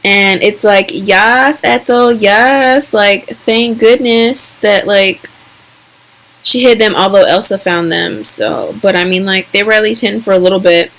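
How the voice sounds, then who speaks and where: A young woman recapping a TV episode in a casual vlog, chatty and excitable, full of fillers and quick mimicked asides. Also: mid-range voice.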